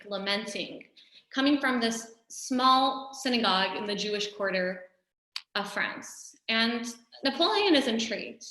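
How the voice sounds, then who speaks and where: A woman with a high, pushed, bright voice teaches a recorded Torah lesson in an echoey room. Her style is conversational and story-driven, and she often says "you know."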